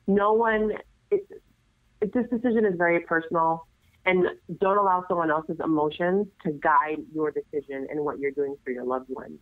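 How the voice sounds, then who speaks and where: A woman's voice: sits low, normal speed, no room sound. Earnest woman on a tinny phone line. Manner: earnest, lively storyteller. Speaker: nurse and assisted living administrator, guest. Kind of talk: casual advice chat.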